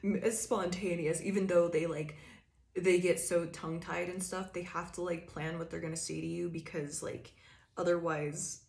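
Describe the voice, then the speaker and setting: A woman's voice: on the low side, level tone, moderate pace, gravelly, darkish tone, roomy sound. A woman giving a casual tarot reading, rambling and chatty, laughing often and restarting her sentences, indoors by a window. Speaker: tarot reader.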